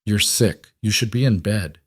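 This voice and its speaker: A man voicing a huge, gentle cowboy who is frightened for the woman he loves, speaking roughly and from the heart, in a storybook reading. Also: on the low side, normal speed, no echo, clean studio sound. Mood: heartfelt.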